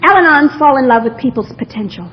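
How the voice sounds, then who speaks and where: A Texas woman with a high, animated voice talks fast as she shares her own story with a live audience at a recovery meeting, full of humor and frequent laughter. It is a lo-fi tape of a talk in a hall.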